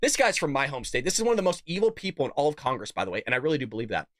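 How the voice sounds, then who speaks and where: This political commentary host speaks in a mid-range voice, animated and rapid-fire, in a dry, studio-quality recording. He talks straight to viewers in a combative, emphatic way, reading out quotes and tweets.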